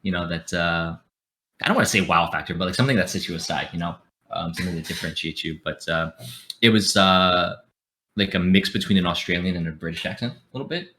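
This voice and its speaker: A young American man talking as a podcast guest, his voice sitting very low in pitch. He rambles loosely, packing his sentences with "like" and "dude". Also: fast talker, bright, forceful tone. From United States. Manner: rambling, heavy filler words like "like" and "dude". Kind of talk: casual interview chat.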